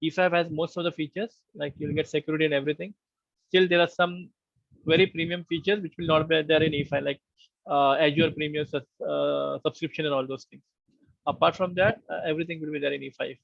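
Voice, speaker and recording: A man's voice: on the high side, fairly even intonation, fairly quick, vocal fry, no room sound. A man teaching a live online lecture, explaining patiently in a conversational way over a meeting call. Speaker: online course instructor. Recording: muffled online call audio.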